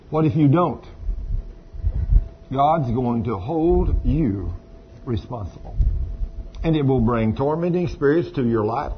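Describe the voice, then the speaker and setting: A pastor with a fairly high voice preaches a folksy sermon full of stories and asides to the congregation. The recording is dull and lo-fi, with faint ambience and a little hiss or hum.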